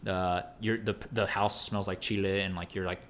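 A young man telling a story in casual, animated speech, full of slang, fillers and restarts. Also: low voice, moderate pace, slight background noise. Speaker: storyteller recounting training.

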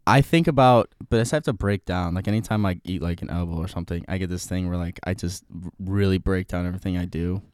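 A man's voice: low voice, quick pace, few pauses, a little mellow, clean tone, no echo, studio quality. A young man chatting casually on a podcast, rambling with many fillers and restarts.

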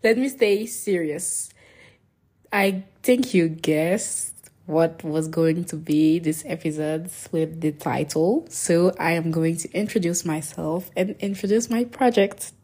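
Excitable teen girl from niger chatting on her podcast, lowish mellow voice. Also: slow, breathy edge. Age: teens. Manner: chatty and excitable, with self-conscious asides. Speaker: podcast host. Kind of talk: casual solo podcast talk.

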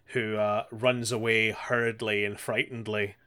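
A man's voice: on the low side, little pitch movement, normal speed, sharp tone, clear, resonant tone. A man co-hosting a podcast, casually recapping an anime with sarcastic jokes and frequent laughs. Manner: joking, sarcastic, laughs often. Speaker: podcast co-host.

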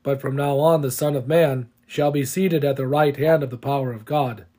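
A man reading the words of Jesus aloud in a solemn, measured scripture reading. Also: medium pitch, steady tone, dark tone, close to an everyday voice. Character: Jesus, calm grown man facing judgment.

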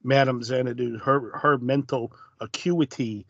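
A man casually discussing a comic on a podcast. He speaks in a measured way, and his voice trails off softly at the ends of his thoughts. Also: mid-range voice, fairly even intonation, gravelly, no room sound, muffled recording. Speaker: podcast co-host. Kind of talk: casual chat recapping a comic.

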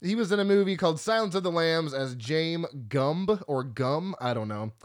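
A man's voice: fairly high pitch, animated, moderate pace. A man co-hosting a casual movie podcast, rambling with lots of fillers and the odd swear. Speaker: podcast co-host.

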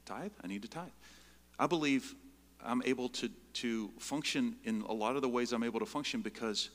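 Animated preacher man in a reverberant hall. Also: normal speed. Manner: animated storytelling, jumps high and loud when acting out scenes. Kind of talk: sermon with personal stories.

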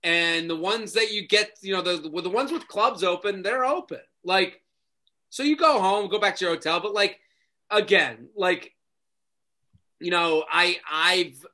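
Bright, high-voiced male comedian. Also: normal speed. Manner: animated storytelling with lots of "like". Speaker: guest comedian. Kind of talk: casual podcast chat.

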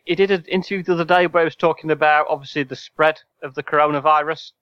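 A man's voice: fairly high pitch, fairly even intonation, fast, dull audio, background noise. A man hosting a casual podcast quiz, reading questions with wry, sarcastic asides. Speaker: podcast host and quizmaster.

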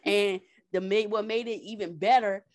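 Chatty young woman, mid-pitched voice. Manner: chatty, laughing, quick asides. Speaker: podcast co-host. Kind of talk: casual chat recapping a TV show.

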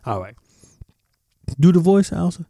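Blunt, profane man with a dark voice. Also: high voice, very animated, normal speed, dry recording. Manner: blunt, profane, keeps clearing his throat. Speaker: commentary vlogger. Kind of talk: casual reaction commentary.

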